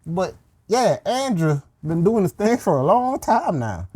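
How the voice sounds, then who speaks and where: A man, chatting on a podcast in an animated, joking way full of slang. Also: high-pitched, unhurried, slightly rough, no echo. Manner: animated, slips into put-on accents. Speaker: podcast co-host. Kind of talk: comedic casual chat with slang.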